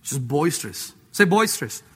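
A male preacher giving an animated, playful sermon, acting out voices, laughing and mixing scripture with casual slang. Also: on the high side, a little fast, noisy background. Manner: mixes scripture with slang like "dude".

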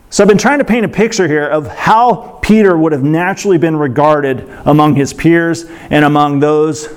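Chatty male preacher, fairly high voice. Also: a little mellow. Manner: conversational, self-interrupting with fillers and asides. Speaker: pastor. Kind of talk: sermon.

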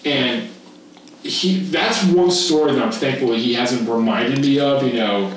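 A man in his fifties from Texas, a podcast guest telling a camp story in animated casual chat, laughing and swearing freely. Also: medium pitch, a little slow. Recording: echoey room, distant mic, faint noise.

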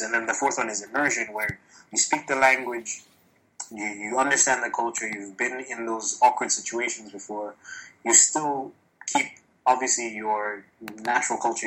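A man talking casually on a podcast with a bright, forceful tone. He speaks candidly, swears freely and tells his stories with animation. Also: mid-range voice, a little hiss or hum, poor audio. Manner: candid, profane, animated storytelling. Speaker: podcast guest. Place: lives in China, recorded remotely or in a room.

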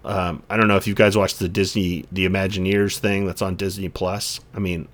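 A man's voice: sits low, little pitch movement, brisk. A man hosting a casual podcast conversation, talking in an earnest, reflective way in long, searching sentences. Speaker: podcast host.

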